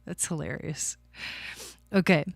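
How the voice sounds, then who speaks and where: A woman's voice: sits low, extremely slow, creaky, a bit bright, dry recording. A woman doing casual livestream astrology and tarot readings, chatty, laughing often and talking to her viewers by name.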